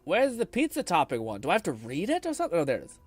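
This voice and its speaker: A man's voice: fairly high pitch, huge pitch swings, very fast, slightly rough, no echo, faint music behind. A man streaming a video game, chatting casually, swearing often and laughing a lot. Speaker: gaming streamer. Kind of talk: casual live-stream commentary.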